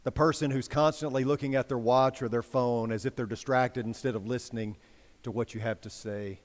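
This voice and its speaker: A man's voice: mid-range voice, darkish tone. A man preaching a sermon, a folksy, joking storyteller. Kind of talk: sermon with a told joke. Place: church sanctuary. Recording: church hall reverb.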